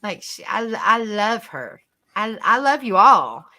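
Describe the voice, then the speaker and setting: A woman's voice: medium pitch, sing-song, slow pace, pushed and bright. A woman hosting a live stream, chatting casually with her panel, repeating herself and laughing easily.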